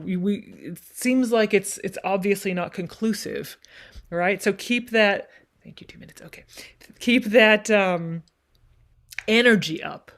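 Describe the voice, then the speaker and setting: A woman voice teacher coaching a singer in a masterclass, encouraging and demonstrative, now and then speaking the text with dramatic phrasing. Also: medium pitch.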